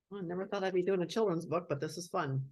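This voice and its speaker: Brief: relaxed book-club host reading a kids' story, chatty asides, gravelly and husky voice. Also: mid-range voice. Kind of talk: casual read-aloud with commentary.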